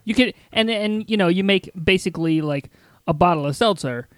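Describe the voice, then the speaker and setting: High-voiced man hosting a chat. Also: clear, resonant tone, no echo. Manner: halting, lots of ums and uhs. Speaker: host. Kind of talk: casual comedic chat.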